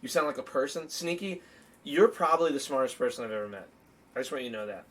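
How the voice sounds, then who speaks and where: A man's voice: medium pitch, animated, quick pace, fairly bright tone. A young man hosting a casual podcast and livestream from his desk, teasing his friend and laughing often. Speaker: podcast host and streamer. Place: at a desk in a home streaming setup.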